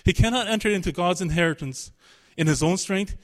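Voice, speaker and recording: A man's voice: high voice, a little fast. A man preaching a sermon, emphatic and searching, voicing the pleading of a biblical figure in his quotes.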